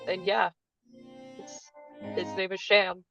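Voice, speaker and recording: A woman player in a tabletop game, describing her character in a halting, giggly way with many fillers. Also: medium pitch, little pitch movement, gravelly, highs cut off, music in the background. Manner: hesitant, giggly, lots of fillers.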